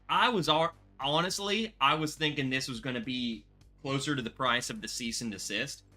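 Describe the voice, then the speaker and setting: A man hosting a casual bourbon livestream, excitable and rambling, thanking viewers by name. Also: mid-range voice.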